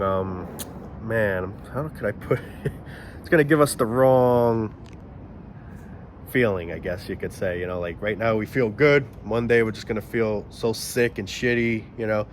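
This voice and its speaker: A man's voice: lowish voice, a little hiss or hum. A man in a casual, rambling monologue, often stopping to search for the right word. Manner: rambling, searches aloud for words. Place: outdoors near planes and traffic.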